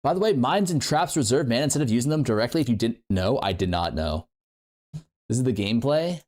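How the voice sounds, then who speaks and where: Fast and expressive, with a mid-range, slightly mellow voice, a young game streamer chats casually with his audience. He rambles playfully and fills his speech with fillers.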